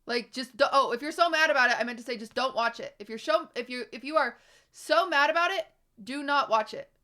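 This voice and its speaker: A young woman livestreams, ranting at her chat in a high, bright, fairly quick voice. Exasperated, she swears freely and drives each point home with emphatic repetition.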